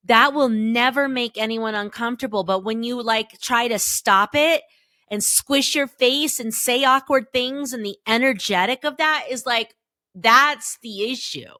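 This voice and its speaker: A woman's voice: a little high, a little slow, no echo, clean studio sound. A woman in her thirties hosting a solo podcast, talking earnestly and directly to her listeners with casual advice. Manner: warm, earnest, emphatic, addresses listeners directly. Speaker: podcast host and therapist.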